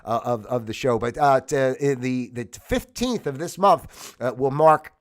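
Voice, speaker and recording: A man's voice: mid-range voice, animated, unhurried. A man hosting his own livestream, chatting casually with lots of fillers and restarts, sniffling from a stuffy nose. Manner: casual, jumps between topics with many fillers and restarts. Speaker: host. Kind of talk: rambling livestream chat. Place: home in Florida.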